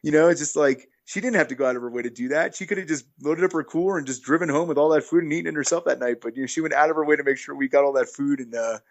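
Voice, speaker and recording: A man's voice: a little high, rapid-fire, hardly any pauses. A man guest on a podcast, telling long stories in an easygoing, rambling way with many fillers and restarts. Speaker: guest, long-distance hiker. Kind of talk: casual interview storytelling.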